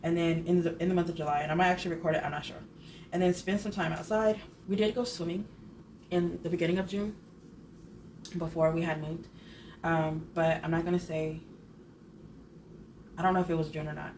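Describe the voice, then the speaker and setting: A woman's voice: on the low side, fairly even intonation, fairly quick, pauses often, a little mellow, slight background noise. A woman in her thirties vlogging in casual, rambling chat, often correcting herself as she goes. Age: 30s. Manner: chatty, rambling, self-correcting. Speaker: budget vlogger.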